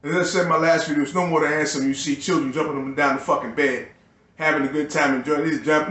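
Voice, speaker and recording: A man's voice: fairly high pitch, fairly even intonation, quick pace, sharp tone, reverberant. A man delivering a profane, agitated and bitter ranting monologue to his video channel. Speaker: YouTuber.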